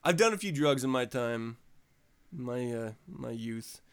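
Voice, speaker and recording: A man's voice: mid-range voice, lively intonation, unhurried, vocal fry, clean tone. A man hosting a podcast in casual chat, ranting profanely and laughing often. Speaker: podcast host.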